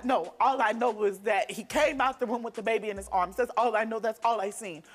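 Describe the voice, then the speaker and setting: A woman's voice: mid-range voice, fairly quick, hardly any pauses, soft background music. A young woman, a guest on a talk show, giving an earnest, detailed and emphatic account of events. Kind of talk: personal testimony.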